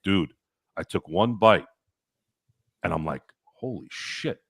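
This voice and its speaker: A man hosting a podcast, telling stories in casual chat, animated and profane, acting out his own past lines. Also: low voice, slow, gravelly, slightly rough, no room sound, clean studio sound. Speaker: podcast host.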